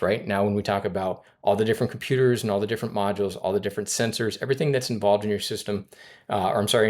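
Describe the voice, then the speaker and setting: A man giving a sales training talk in a brisk coaching manner, acting out lines he would say to a customer. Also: lowish voice, a little mellow. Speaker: finance and insurance sales trainer.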